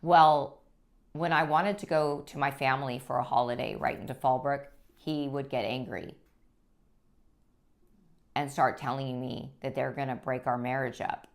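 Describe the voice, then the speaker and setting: A woman sharing her personal story as a guest, speaking earnestly and haltingly, with frequent restarts. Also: a bass voice, fairly even intonation. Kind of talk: personal testimony.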